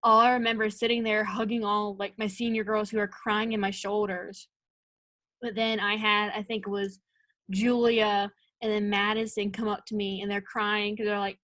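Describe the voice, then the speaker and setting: In a casual interview, a young woman who plays college soccer tells stories animatedly, acting out the lines she quotes. Her voice is medium-pitched at a normal speed, with no echo.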